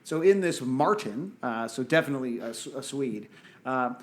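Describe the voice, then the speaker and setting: A man's voice: mid-range voice, expressive, normal speed. A young man hosting a podcast in casual chat, rambling and swearing and restarting his sentences often. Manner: rambling, profane, restarts a lot. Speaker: podcast host.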